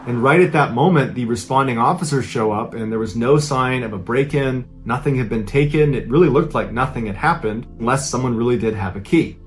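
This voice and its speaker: A man recounts a true-crime story, casual and conversational but building suspense. His voice sits at a mid pitch with faint music underneath. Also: a little fast, hardly any pauses. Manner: dramatic, conversational retelling.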